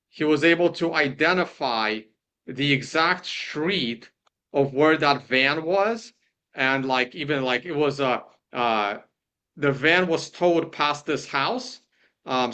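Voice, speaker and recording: A man's voice: medium pitch, sharp tone. A man hosting, casually talking through videos on his screen, rambling with many restarts. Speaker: host. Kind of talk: casual screen-share commentary.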